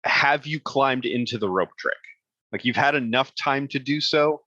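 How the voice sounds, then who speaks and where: A man narrating as game master in a casual, halting way with many fillers and restarts. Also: medium pitch, bright, forceful tone, no room sound, highs cut off.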